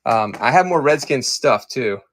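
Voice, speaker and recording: A man from Maryland runs a casual live-stream auction of collectibles, chatting with viewers as he sorts through his stock. His voice sits at an average pitch, and he talks in a loose, distracted way, often stopping to look for things. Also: expressive, moderate pace, fairly bright tone.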